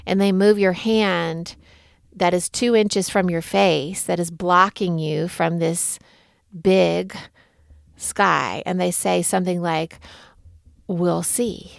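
A middle-aged woman hosting a podcast, telling a story and reflecting in a gentle, unhurried way. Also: lowish voice, steady tone, creaky, no room sound, studio quality. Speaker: podcast host. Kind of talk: reflective spoken talk.

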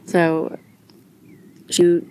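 A woman's voice: drawn-out words, a little mellow, a little hiss or hum. A young adult woman hosting a podcast, telling a personal story in a candid, emotional way and swearing freely. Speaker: podcast host.

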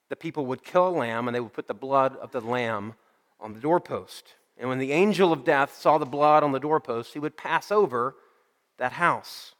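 A male pastor preaching a sermon, telling a story and then slowing and softening his voice for emphasis. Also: mid-range voice, in a large hall.

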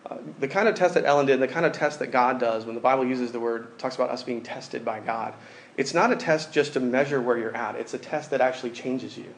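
Young male preacher, mid-pitched, easygoing sermon delivery with scripture reading. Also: brisk, a little hiss or hum. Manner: conversational preaching with fillers, reads scripture aloud. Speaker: pastor.

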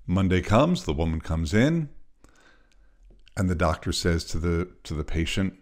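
A man hosting a podcast, telling a story in an animated way and acting out the voices. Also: low voice, a little slow. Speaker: podcast host.

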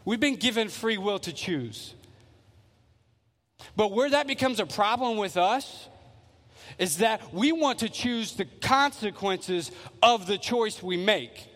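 A man's voice: sits high, lively intonation, slow pace, fairly bright tone, long reverb tail. A male pastor preaching a sermon in a church, earnest and emphatic, repeating phrases as he builds. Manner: earnest, repetitive, emphatic with restarts. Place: church sanctuary.

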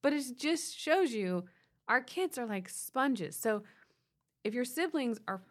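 A woman's voice: a little high, expressive, takes it slowly. A woman in her thirties co-hosting a podcast, chatting and explaining parenting advice. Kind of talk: casual conversational advice.

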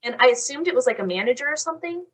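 A young woman casually telling a long story on a chat podcast, animated and saying "like" constantly. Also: high voice, very fast, breathy edge. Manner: animated, fills talk with "like". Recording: voice a bit far from the mic.

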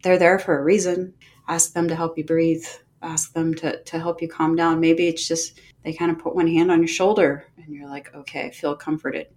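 A middle-aged woman hosting a podcast, speaking slowly and gently with heartfelt encouragement and many pauses. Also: deep voice, flat delivery. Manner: gentle, slow and unhurried with pauses. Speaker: podcast host and movement coach. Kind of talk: reflective podcast monologue.

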